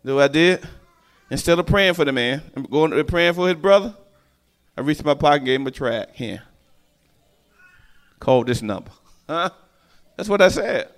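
A man's voice: fairly high pitch, animated, a little fast. Man preaching with big swings in volume. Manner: call-and-response preaching, swinging from hushed to shouted. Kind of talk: sermon.

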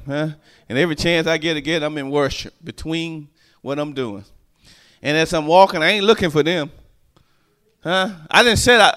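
Animated, high-voiced male preacher. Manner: animated, call-and-response, storytelling. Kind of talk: sermon.

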